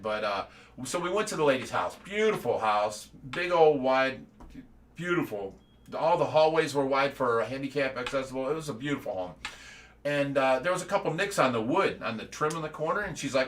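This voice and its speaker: In a casual livestream, the middle-aged owner of a fish rescue in the United States shares an update, speaking mid-range at a normal pace with a fairly bright tone. He rambles, repeats words and laughs between stories.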